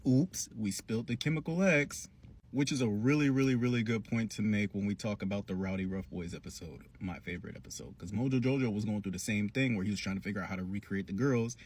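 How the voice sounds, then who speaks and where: A man giving a casual, slangy recap of a cartoon episode with animated storytelling. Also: lowish voice, breathy edge. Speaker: cartoon reviewer.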